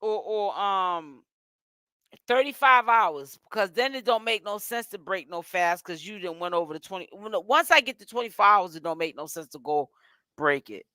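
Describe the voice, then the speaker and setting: Woman, gossip vlogger, casual sassy chat, bright voice, dry close mic. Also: mid-range voice, animated, normal speed, no room sound. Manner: sassy and chatty, full of "honey" and "child" asides. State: tired and yawning while fasting.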